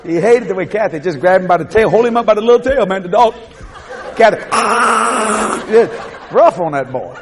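Animated high-voiced preacher telling stories. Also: male voice, normal speed, some chatter behind, slight background noise. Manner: animated, laughing, acts out scenes. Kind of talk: comic sermon storytelling.

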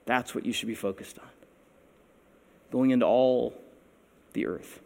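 A man's voice: medium pitch, measured pace, gravelly, mellow. A man preaching a sermon in a conversational, wry manner with playful emphasis. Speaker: pastor. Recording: long hall reverb.

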